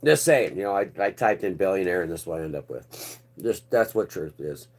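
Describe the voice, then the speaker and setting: A man's voice: sits low, lively intonation, fairly quick, darkish tone. A man hosting his own online news channel, ranting casually and sarcastically, rambling and swearing freely.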